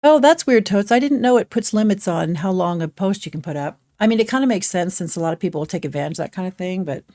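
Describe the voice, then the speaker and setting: A woman's voice: lowish voice, lively intonation, fast talker, dark tone. A woman chats her way through a live gameplay stream. She rambles casually, hops between topics and reads her chat aloud. Her delivery stays loose and conversational. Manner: chatty, rambling, talks to chat between game actions.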